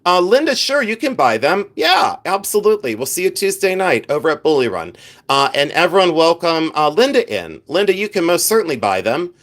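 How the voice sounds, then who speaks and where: A man's voice: on the high side, sing-song, fairly quick, a bit bright. A man hosting a live vintage jewelry sale, chatting casually and rambling as he answers viewers by name, joking at his own expense. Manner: self-mocking with bursts of playful laughter. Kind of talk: casual livestream selling chat.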